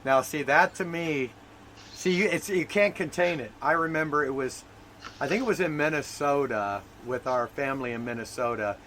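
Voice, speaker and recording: A man's voice: on the high side, normal speed, fairly bright tone, a little hiss or hum, rough recording. A male host in casual spiritual talk, emphatic and preacher-like, repeating key phrases.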